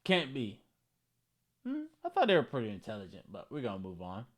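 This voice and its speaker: A man hosting a comedy vlog, reading viewer comments aloud and reacting in slangy, animated commentary with bursts of mock outrage. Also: on the low side, fast talker.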